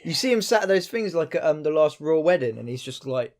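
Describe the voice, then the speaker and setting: A man's voice: a little high, big pitch swings, fairly quick, darkish tone. A man co-hosting a podcast, chiming in with chatty, exclamatory asides. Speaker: podcast co-host. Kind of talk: casual chat.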